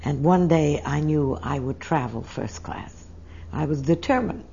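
A woman's voice: deep voice, unhurried, warm tone, highs cut off, a little hiss or hum. An older woman tells her life story in an oral history interview, speaking in a reflective and emotional way.

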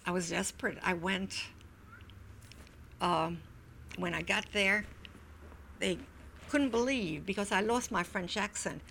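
An older woman, an interview guest, recounting memories in a reflective, halting way. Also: mid-range voice, gravelly, a bit bright, a little hiss or hum. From Wilmington, Delaware, US. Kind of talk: oral history recollection.

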